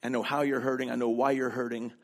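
A man's voice: mid-range voice, level tone, fast. A male pastor giving a sermon in a church, talking in a chatty, conversational way with self-deprecating humor, on a handheld microphone. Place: church sanctuary.

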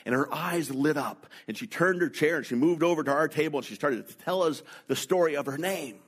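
A middle-aged man from North America preaching a sermon, telling personal stories slowly and deliberately. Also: on the high side, husky. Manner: slow, deliberate, anecdotal delivery. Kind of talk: sermon storytelling.

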